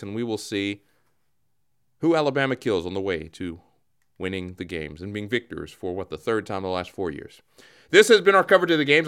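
Deadpan man hosting a comedy radio show. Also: on the low side, smooth. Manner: mock-solemn, deadpan.

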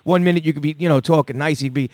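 Man, 50s, podcast host, profane gruff banter, fairly high voice, dry close sound. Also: racing, darkish tone, no echo. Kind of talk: casual call-in chat.

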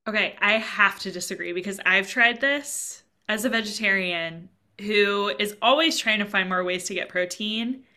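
A woman's voice: medium pitch, normal speed, hardly any pauses, bright, forceful tone. A woman co-hosting a podcast in casual chat, talking freely and quoting her own thoughts aloud. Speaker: podcast co-host.

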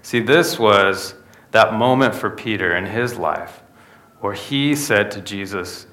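Bright-voiced casual male preacher. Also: fairly low pitch, slow. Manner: conversational, with frequent rhetorical "right?" asides. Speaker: pastor. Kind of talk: sermon.

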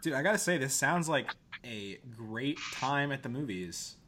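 Blunt teasing man with a bright voice. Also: medium pitch, lively intonation, normal speed. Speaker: podcast co-host. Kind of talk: casual chat.

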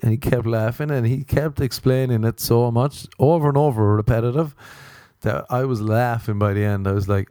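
A man's voice: medium pitch, fairly even intonation, moderate pace, mellow, no room sound, clean studio sound. An Irish man from Ireland doing a rambling, self-mocking comic monologue. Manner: self-mocking, wandering asides. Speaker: comedian.

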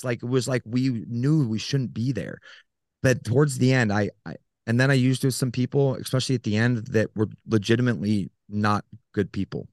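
A man with a very low, deep voice tells his own story as a podcast guest. He speaks earnestly and haltingly, often pausing on fillers. The sound is dry and close, with no room around it. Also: darkish tone, dry recording. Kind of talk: personal storytelling in an interview.

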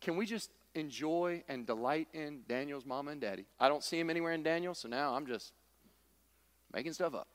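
A man's voice: on the high side, expressive, brisk, in a large hall. A man preaching a sermon, emphatic and repetitive, with folksy humor. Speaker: pastor.

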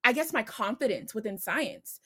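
A young woman talks casually as a podcast guest, with a slightly high voice. She is emotional and laughs easily, and her speech is animated throughout. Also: moderate pace, husky. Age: young adult. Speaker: podcast guest, undergraduate student. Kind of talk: casual interview chat.

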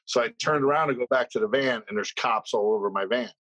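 A man's voice: mid-range voice, fast, a bit bright, breathy edge, no echo, rough recording. A man in casual podcast chat, telling a rambling, swear-laden anecdote.

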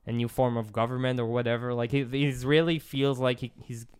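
A man's voice: medium pitch, steady tone, a little fast, clear, resonant tone. A man co-hosting a podcast in casual chat, making dry, wry remarks. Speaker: podcast co-host.

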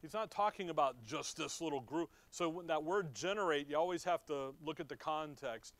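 A man's voice: a little high, moderate pace, a bit bright, no room sound. A middle-aged man teaching from the Bible in a conversational way, reading verses aloud and asking his listeners questions. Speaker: preacher.

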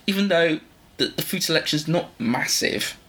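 A man's voice: on the high side, animated, normal speed, a bit bright. A man co-hosting a podcast, talking in rambling, self-interrupting casual chat. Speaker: podcast co-host.

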